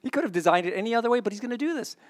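Racing along in a very high voice, this pastor reads scripture and fires questions at his congregation. His sermon shifts from excited outbursts to hushed, earnest stress.

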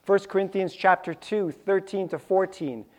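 A man's voice: high-pitched, moderate pace. A man preaching a sermon, acting out little scenes with sound effects and repeating key lines for emphasis. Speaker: pastor.

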